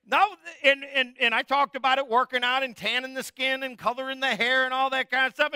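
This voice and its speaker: Middle-aged male pastor, conversational jokey sermon with call-and-response, bright crisp voice. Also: very high voice, steady tone, fairly quick, few pauses, no echo, studio quality, a faint crowd.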